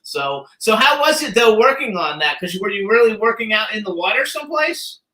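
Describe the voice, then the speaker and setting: A man's voice: high voice, expressive, brisk, pushed and bright. A man hosting an interview show, chatty and eager as he asks his questions. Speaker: host. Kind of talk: casual interview chat. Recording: roomy echo.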